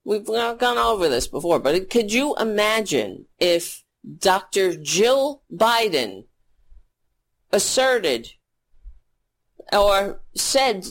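A woman hosting a political commentary show, ranting in a sarcastic, profane and rambling way. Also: medium pitch.

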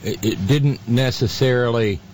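A man hosting a talk radio show, giving political commentary in a halting, sarcastic way full of fillers. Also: medium pitch, a little mellow, a little hiss or hum.

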